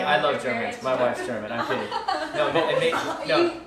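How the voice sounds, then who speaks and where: A man's voice: mid-range voice, a little fast, over a noisy crowd. A man teaching a live class in a loose, rambling way, with many restarts and fillers and jokes for the listeners. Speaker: ministry school teacher. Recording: echoey room, mic at a distance, faint background noise.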